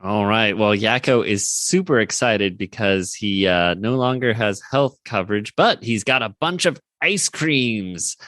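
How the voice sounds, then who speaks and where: A man's voice: on the low side, expressive, unhurried, few pauses, a bit bright, no echo. Man recapping casually, dry sound. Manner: rambling recap, with frequent fillers and laughs. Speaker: podcast co-host. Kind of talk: casual podcast chat.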